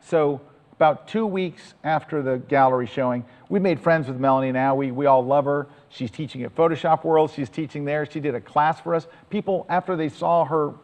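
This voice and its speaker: Guy presenting to a crowd, excited and chatty, lots of long reverb. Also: a little high, moderate pace. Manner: enthusiastic, chatty, emphatic. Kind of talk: storytelling talk to an audience.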